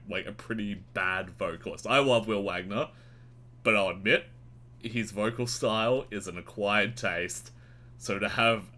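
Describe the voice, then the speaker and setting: A man reviewing new albums in a casual, rambling and sweary way, with sudden jumps in pitch. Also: bright, forceful tone. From Australia. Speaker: music reviewer. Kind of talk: casual monthly album roundup.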